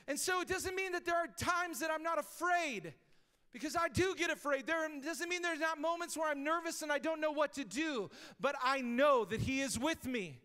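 A man preaching a sermon as pastor, talking casually and rising to shouted emphasis, recorded live in a church. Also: very high voice, normal speed, some chatter behind. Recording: live church hall reverb.

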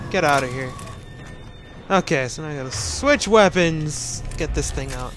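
A man's voice: a little high, expressive, moderate pace, music in the background. A man giving casual game commentary, sarcastically ranting at a glitchy game. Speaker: gaming commentator.

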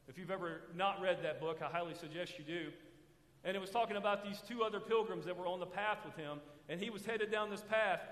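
Preaching in a reverberant church sanctuary, a man whose voice sits high and sounds fairly bright has the congregation finish his sentences. The echoey hall gives this call-and-response sermon a long tail of reverb.

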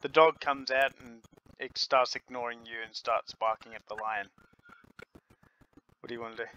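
A man running a tabletop game as game master, narrating in an unhurried, lively way, recorded on a home computer mic. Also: mid-range voice, smooth. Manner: unhurried, lively storytelling with light laughter. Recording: dull lo-fi with faint hiss.

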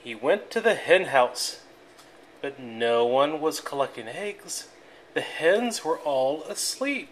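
Slow, expressive storybook reader. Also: mid-range voice, a little hiss or hum. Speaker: reader of a picture book. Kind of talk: reading a children's book aloud.

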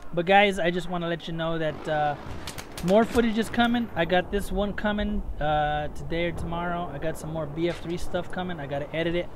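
A man's voice: on the high side, a little hiss or hum. A man giving rambling, self-mocking voice-over commentary on his own gameplay, easily getting worked up. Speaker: gaming commentator.

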